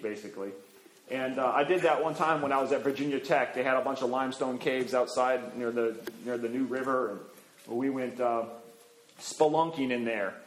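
A man's voice: medium pitch, roomy sound, slight background noise, poor audio. A middle-aged male preacher giving a sermon in a folksy, anecdotal way, with many fillers and asides.

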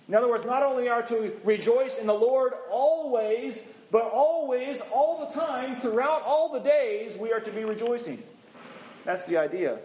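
A man preaching a sermon in a conversational, halting way, rising in pitch when he stresses a point. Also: roomy sound, rough recording.

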